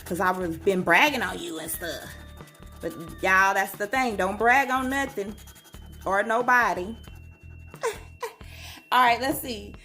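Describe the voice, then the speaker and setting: Slow-talking woman scratching tickets. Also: medium pitch, bright, forceful tone, faint music behind. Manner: chatty, slow and drawn-out, reads numbers aloud. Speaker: lottery scratch-off vlogger. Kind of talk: casual chat to viewers.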